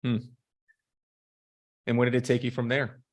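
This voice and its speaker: A man hosting an interview, his voice sitting at a middling pitch. He asks questions politely and encourages his guest to go on. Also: monotone, moderate pace. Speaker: host, interviewer.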